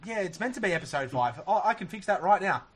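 High-voiced swearing host. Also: male voice, animated, fast, a crowd in the background. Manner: swearing, laughing, rambling. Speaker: podcast host. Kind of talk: casual live podcast banter. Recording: background noise.

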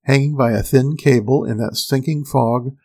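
A man's voice: medium pitch, moderate pace, dark tone. A man narrating a first-person science-fiction story in a tense, dramatic storytelling manner.

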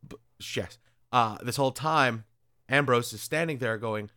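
A man talking casually as a host, recapping with sarcasm and crude jokes. His voice sits at an ordinary pitch. The recording is dry and close, with no room sound. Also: normal speed, dry recording. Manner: animated, sarcastic retelling with crude asides. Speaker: podcast host reviewing comics. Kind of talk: casual chat.

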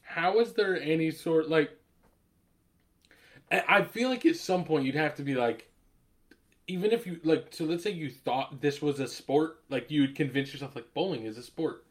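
A man's voice: a little high, moderate pace. A married man in casual conversation as a podcast co-host, telling stories animatedly, swearing and laughing often. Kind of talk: casual chat.

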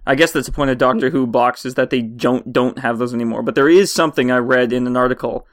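A man's voice: mid-range voice, fast, no echo, studio quality. A man in a casual podcast chat, rambling and filling his speech with "like". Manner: rambling, heavy use of "like".

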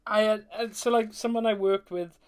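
A co-host on a casual podcast, speaking at a mid pitch in an everyday voice. They keep chiming in with quick jokes and pop-culture references. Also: steady tone, clean tone. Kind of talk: casual chat.

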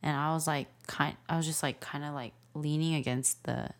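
A woman in her thirties talks through a story in relaxed, casual conversation. Her voice sits low for a woman, and she tells it with animated energy, peppering every phrase with "like.". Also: normal speed. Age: 30s. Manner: animated storytelling, heavy use of "like". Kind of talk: casual chat.

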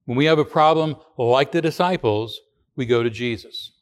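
A man's voice: mid-range voice, moderate pace. A pastor preaching a sermon to his congregation. His voice sits in an ordinary middle range. He talks in a conversational way, asking rhetorical questions and now and then restarting a word.

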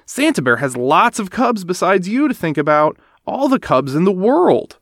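A man's voice: high voice, sing-song, moderate pace, a bit bright, dry recording, clean studio sound, pitched above the performer's own voice, exaggerated voice. Storybook boy cub, a man doing the voice: confident, bossy, a bit raised. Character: know-it-all boy bear cub, big brother.

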